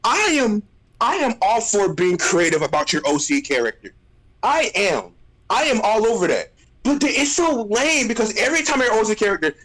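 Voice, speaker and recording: On a casual livestream, a male streamer with a high voice rants at a moderate pace, his pitch jumping everywhere as he roasts people. Exasperated and animated, he keeps hammering the same phrases, and the recording is rough.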